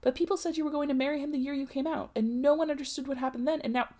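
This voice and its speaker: A woman's voice: sits high, steady tone, racing, dark tone, voice pushed up, natural voice. A woman reading a novel aloud, voicing a proper young married woman who coaxes and frets over her cousin. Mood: shocked. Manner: fussy, coaxing, shocked.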